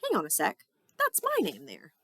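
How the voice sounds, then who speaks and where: A woman doing a brisk, fussy mum. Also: on the high side, wildly swooping pitch, creaky, fairly bright tone, no room sound, voice pushed up, full character voice. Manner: brisk and scolding.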